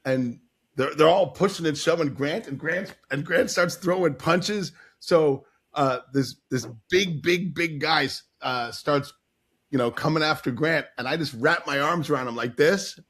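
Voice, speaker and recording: A man in casual podcast chat, telling a story with animated acted-out quotes and frequent laughs. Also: fairly high pitch, unhurried. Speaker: guest storyteller.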